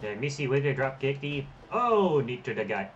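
A man hosting a let's play, commenting on his match with loud, swearing reactions. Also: medium pitch, very animated, moderate pace, recorded from a distance, lo-fi sound, background noise. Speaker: gaming channel host.

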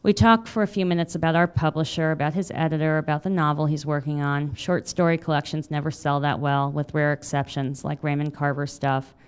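Low, smooth-voiced woman author. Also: fairly even intonation. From United States. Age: 30s. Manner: wry, confessional; halting with fillers when unscripted. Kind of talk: memoir reading, then audience Q&A.

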